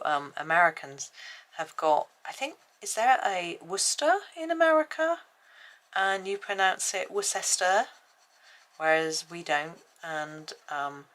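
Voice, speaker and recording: A woman's voice: sits low, bright, forceful tone, rough recording. A woman with an English accent, chatting casually and thinking aloud as she colours, with rambling asides. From England. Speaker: colouring channel host. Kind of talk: casual chat while colouring.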